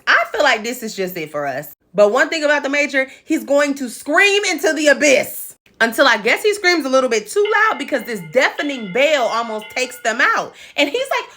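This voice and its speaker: Female comedy recap host, sassy and animated, high bright voice. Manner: animated, sassy, acts out characters' lines. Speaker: podcast host recapping an episode.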